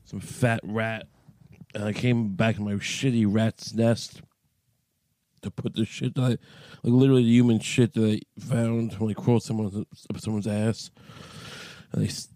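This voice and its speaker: A low, mellow male voice rambles through a profane solo podcast riff, cracky with morning roughness. He records in a small closet, and the sound is close and dry. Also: steady tone, normal speed, no echo. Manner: crude, profane, rambling comic riffing. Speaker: podcast host.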